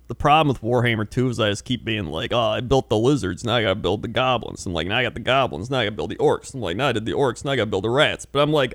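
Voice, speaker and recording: A man with a mid-pitched voice rambles through stories in casual podcast chat, laughing often between lines. His voice sits close and dry, with no room sound. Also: fairly bright tone, no echo. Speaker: podcast co-host.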